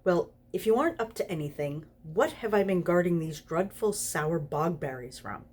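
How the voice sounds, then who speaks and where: A woman's voice: fairly low pitch, animated, normal speed, a little mellow. Woman doing Aziraphale, a prim sulky angel. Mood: petulant. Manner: petulant, complaining, prim. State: tipsy. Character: fussy prim male angel, cold and wet.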